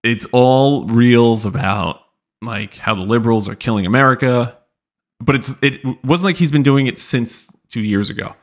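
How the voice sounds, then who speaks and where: A man's voice: mid-range voice, normal speed. A young man hosting a podcast, casually telling a long story in a rambling, profane, exasperated way. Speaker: podcast host.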